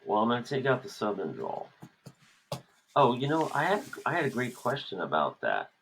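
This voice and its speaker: A man's voice: medium pitch, wildly swooping pitch, moderate pace, fairly bright tone, slight background noise, poor audio. A man co-hosting a podcast, chatting casually while lettering a comic page. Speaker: comic artist and podcast co-host.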